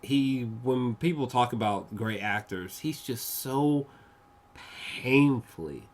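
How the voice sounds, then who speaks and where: Male movie reviewer, mid-pitched, casual and rambling, swears a lot, excitable. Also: takes it slowly. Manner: rambling and profane, heavy with fillers; excitable, gushing bursts of enthusiasm. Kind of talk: casual spoken film review.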